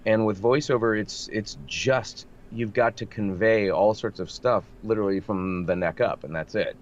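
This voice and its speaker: Speaking at a moderate pace in a lowish, slightly nasal voice, a male voice actor talks animatedly as an interview guest, often restarting. The casual chat comes through dull lo-fi remote audio with faint noise.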